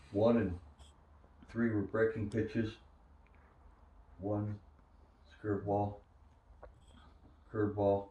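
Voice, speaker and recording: An older man recalling his days as a minor league pitcher, telling stories and acting out the voices of others. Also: lo-fi sound. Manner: animated storyteller who acts out quoted voices. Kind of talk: storytelling interview. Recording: echoey room, distant mic.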